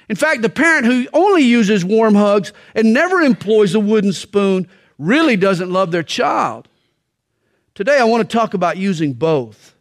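With a high voice, the middle-aged pastor delivers a parenting sermon built on stories. He leans on dramatic pauses and slow, weighty emphasis.

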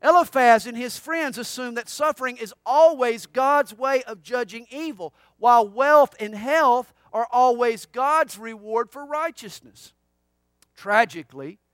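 A pastor preaching an expository sermon, emphatic and conversational with humorous asides. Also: male voice, extremely high pitch, fairly bright tone, no echo, clean studio sound.

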